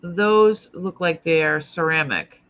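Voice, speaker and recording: A woman's voice: sits low, slow pace, a bit bright, muffled recording. A woman with an old Boston accent hosting a live jewelry sale, chatting casually and thinking aloud as she looks over each piece. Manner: chatty, thinking aloud while handling items. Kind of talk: casual live-stream chat.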